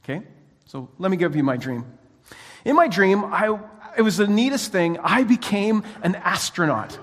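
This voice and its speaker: A man preaching a sermon as pastor, telling a story with animated energy and frequent restarts. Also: high-pitched, moderate pace, big-room sound.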